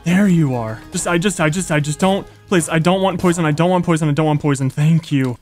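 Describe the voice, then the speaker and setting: A young man giving excitable, gushing Let's Play commentary, yelping when enemies appear. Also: fairly high pitch, brisk, soft background music. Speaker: gaming YouTuber.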